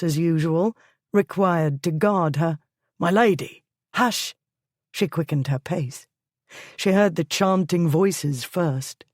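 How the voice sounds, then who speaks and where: A woman narrates a historical romance audiobook in a low, unhurried voice. Her reading is steady and measured, recorded dry and close to the mic. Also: no room sound. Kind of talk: scripted narration.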